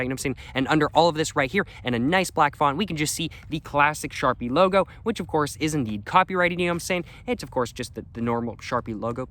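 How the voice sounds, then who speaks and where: A man's voice: medium pitch, fairly bright tone. A man reviewing a product in a casual, rambling way, repeating the same stock phrases.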